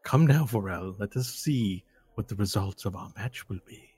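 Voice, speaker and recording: A man's voice: lowish voice, lively intonation, moderate pace, darkish tone, husky, dry recording. A man voicing a proud, boastful male halfling fighter who speaks grandly. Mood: pompous. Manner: pompous, grandiose.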